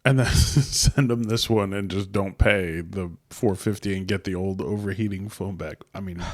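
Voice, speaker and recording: A man's voice: low voice, steady tone, moderate pace. A man co-hosting a podcast in casual chat, laid-back and teasing, chiming in with practical suggestions. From Middle East. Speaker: podcast co-host.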